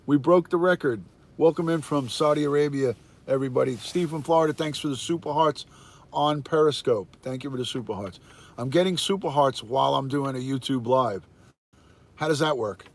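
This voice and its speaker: A man's voice: medium pitch, creaky. Upbeat older man greeting live viewers. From United States. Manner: upbeat, greets viewers by name and counts viewers aloud. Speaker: livestream host, retired detective. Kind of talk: casual live-stream chat. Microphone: phone.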